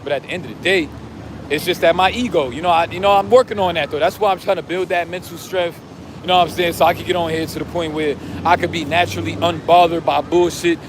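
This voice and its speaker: A man vlogging outdoors who rambles in street slang and keeps saying "you know what I'm saying", while he is losing his voice and going hoarse. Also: fairly high pitch, fairly even intonation, quick pace, background noise. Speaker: vlogger and self-styled life coach. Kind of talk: casual monologue to camera.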